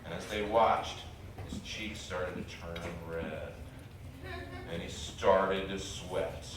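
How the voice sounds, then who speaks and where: A man telling a jokey, animated story to a school audience, acting out characters. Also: deep voice, slow pace. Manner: playful, jokey, acts out characters with sudden shifts. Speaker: visiting author telling a story to students. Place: school auditorium. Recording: echoey hall, distant, noisy crowd. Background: loud laughing crowd of children.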